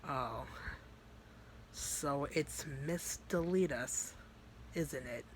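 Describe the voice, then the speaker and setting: A menacing male demon who mocks his victims in a cold, slow hush, put on by a young storyteller. The voice sits lower and quieter than his plain talk, each word drawn out with scorn. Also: animated.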